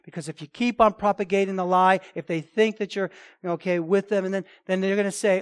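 A male pastor delivering a sermon with a high-pitched voice. He presses his points hard, doubling back on words and restarting phrases as he builds emphasis. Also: fairly even intonation, a little fast, clear, resonant tone. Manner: emphatic, repetitive, with frequent restarts.

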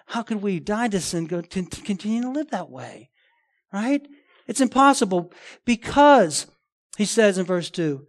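Emphatic high-voiced male preacher. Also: animated, normal speed. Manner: emphatic, swings between loud declarations and quiet asides. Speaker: pastor. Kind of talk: expository sermon.

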